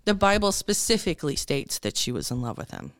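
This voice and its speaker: A woman's voice: deep voice, huge pitch swings, fairly quick, no room sound, studio quality. A woman co-hosting a podcast, casually retelling a Bible story in a chatty way and laughing often. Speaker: podcast co-host.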